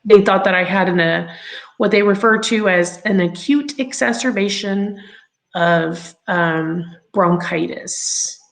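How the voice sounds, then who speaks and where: A grown woman telling her own story as an interview guest, chatty and halting with many ums and laughs along the way. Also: medium pitch, gravelly, low-quality recording. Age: adult.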